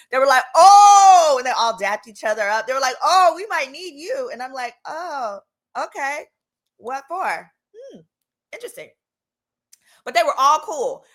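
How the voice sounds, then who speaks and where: A woman lawyer telling a funny storytime in a casual, animated way, playing the people in it with sudden high squeals. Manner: animated, comedic, voices friends with high squeals. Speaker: lawyer and vlogger.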